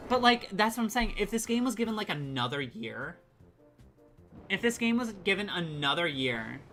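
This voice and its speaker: A woman streaming a game, chatting casually and excitedly with her chat and swearing now and then. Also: mid-range voice, normal speed, faint music behind. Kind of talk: casual live-stream chat while gaming.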